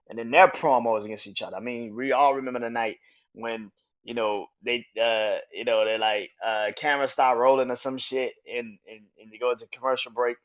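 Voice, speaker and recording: A man hosting a podcast, talking casually and excitably about wrestling and swearing freely. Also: mid-range voice. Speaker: podcast host. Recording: dull lo-fi sound.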